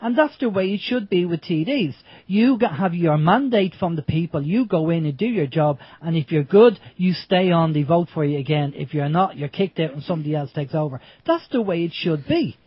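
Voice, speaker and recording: A man's voice: a little high, lively intonation, a little fast, few pauses, slightly rough, no room sound, lo-fi sound. A man hosting an internet radio talk show, talking in a rambling, emphatic way with many restarts. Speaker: radio host. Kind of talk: casual radio chat.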